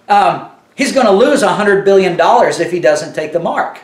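A man's voice: high voice, expressive, moderate pace, echoey room, recorded from a distance. A man teaching verse by verse in a loose, conversational way, full of fillers and asides. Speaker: Bible teacher. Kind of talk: casual Bible teaching.

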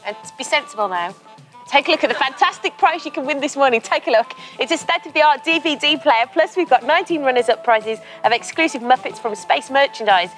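A woman's voice: high voice, expressive, fairly quick, fairly bright tone, soft background music. A woman presenting children's TV, reading out a phone-in competition in a chirpy, playful way.

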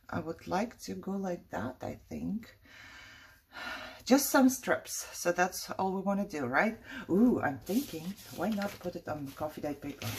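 A woman's voice: mid-range voice, a bit bright, husky. A woman chatting casually while she crafts in her living room, rambling through a story with fillers and small laughs. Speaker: crafting vlogger.

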